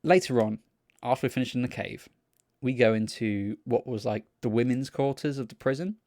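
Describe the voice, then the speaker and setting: A young man, co-hosting a podcast and telling a sweary, animated story about people he met. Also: mid-range voice, a little fast, no room sound, clean studio sound. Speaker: podcast co-host. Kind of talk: casual storytelling chat.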